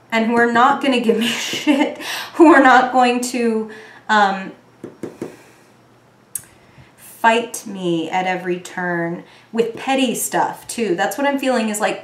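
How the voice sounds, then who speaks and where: A woman giving a casual tarot reading, talking in a chatty way with lots of fillers and getting animated when she acts out what people might say. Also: on the high side. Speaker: tarot reader. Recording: roomy echo.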